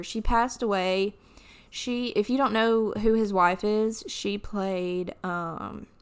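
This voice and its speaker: Slow-talking Southern woman podcaster. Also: mid-range voice, clean tone. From Alabama. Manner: rambling, chatty, trails off and restarts. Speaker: podcast host. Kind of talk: casual solo podcast chat.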